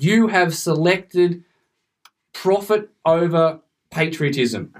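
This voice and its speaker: A man's voice: on the high side, takes it slowly. A man co-hosting a casual sports podcast, ranting in an emphatic, passionate way. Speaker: podcast co-host. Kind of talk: casual cricket podcast chat.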